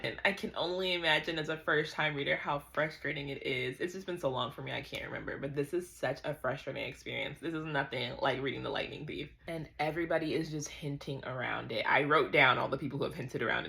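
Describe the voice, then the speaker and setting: A woman's voice: deep voice, fairly quick, pushed and bright. A woman in her thirties giving a casual, chatty book recap, ranting in exasperation. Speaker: book vlogger.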